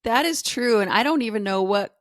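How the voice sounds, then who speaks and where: A woman's voice: on the high side, expressive, fairly quick, dry recording, clean studio sound. A woman co-hosting a podcast, animatedly recounting family stories in casual chat. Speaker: podcast co-host.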